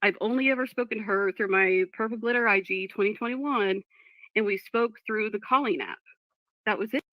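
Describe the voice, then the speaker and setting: A woman's voice: medium pitch, brisk, dry recording. A woman talking casually on a live stream, frustrated and distracted while reading chat and apologizing. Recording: dull dry lo-fi mic.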